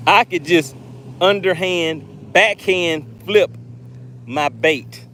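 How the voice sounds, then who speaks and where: A man's voice: high-pitched, takes it slowly, slight background noise. Hyped man streaming from a fishing boat. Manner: excited, hyped, talks to viewers and reads chat aloud. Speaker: fishing channel host. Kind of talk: live-streamed fishing commentary. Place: on a boat on open water. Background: jet skis and outdoor ambience.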